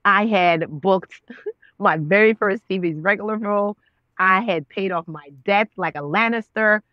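A woman's voice: mid-range voice, a little slow, no echo, lo-fi sound. A woman in her thirties, an actress and author, telling her story as an interview guest, acting out past conversations with God. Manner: expressive, acts out her own past dialogue with God. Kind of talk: animated storytelling.

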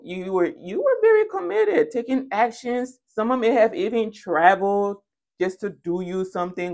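A woman giving a tarot reading, animated and playful and speaking straight to the viewer, sometimes dropping into soft asides. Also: lowish voice. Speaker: tarot reader. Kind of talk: spoken tarot reading to camera.

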